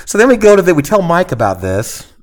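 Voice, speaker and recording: A man's voice: high-pitched, big pitch swings, quick pace. A man co-hosting a podcast, telling stories in casual chat with frequent restarts and stumbles. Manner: rambling storyteller with many restarts. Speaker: podcast co-host.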